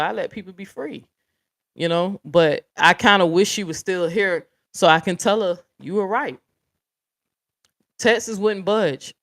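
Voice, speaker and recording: A woman hosting a livestream, talking bluntly and profanely straight to her viewers and reading out chat comments. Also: fairly low pitch. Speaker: livestream host.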